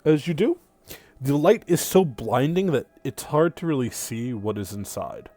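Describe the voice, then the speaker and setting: A man narrating a tabletop game as game master, unhurried and descriptive. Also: medium pitch, lively intonation, a little mellow, soft background music. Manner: descriptive, unhurried scene-setting.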